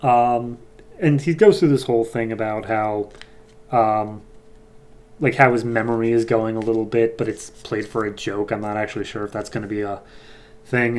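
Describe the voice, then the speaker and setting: A man's voice: medium pitch, a little mellow. A man hosting a casual comic book review, rambling along with frequent fillers and a light, jokey tone. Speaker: podcast host.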